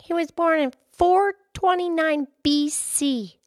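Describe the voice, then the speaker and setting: A woman voicing an excitable, chatty young female character named Pinky, in a two-voice character chat. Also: slow pace, no room sound, clean studio sound. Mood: eager. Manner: eager, gushing, much higher than her own voice.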